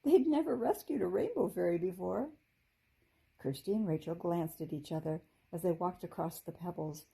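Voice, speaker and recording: A woman teacher reading a children's chapter book aloud in a gentle, expressive storytelling manner. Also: lowish voice, moderate pace, gravelly, breathy edge, rough recording.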